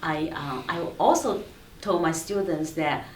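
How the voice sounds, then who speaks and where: A woman professor with a non-native English accent, speaking on a panel in a soft, measured way with many fillers. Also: low-pitched. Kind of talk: panel discussion. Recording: roomy, distant, faint room noise.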